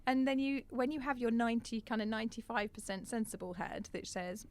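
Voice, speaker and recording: A woman's voice: on the high side, fairly even intonation, fast talker, hardly any pauses. A middle-aged woman, a coach, talking candidly and reflectively in a podcast conversation. She laughs often mid-sentence and has a slight cough. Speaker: coach and guest.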